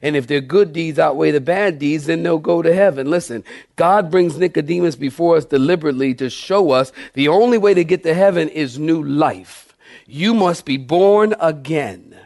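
A man's voice: fairly high pitch, moderate pace, creaky, darkish tone, no echo, clean studio sound. A middle-aged man preaching a sermon as pastor, emphatic, repeating key phrases and asking the congregation questions.

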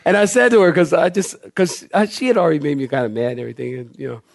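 A man's voice: fairly high pitch, racing, vocal fry, no echo. A male pastor preaching a sermon to a congregation, telling a story with humor and big swings in his voice.

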